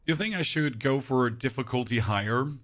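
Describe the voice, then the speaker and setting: A man streaming a game live, chatting with his viewers in a hoarse, nearly lost voice and speaking in a very flat monotone, often ending thoughts with "right?". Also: mid-range voice, brisk. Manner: talks to chat with frequent "right?". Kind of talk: casual live-stream chat while playing.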